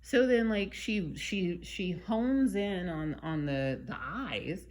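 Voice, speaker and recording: A woman casually recapping a movie, chatty and animated, with frequent fillers and wry side remarks. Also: lowish voice, takes it slowly, very noisy. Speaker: vlogger.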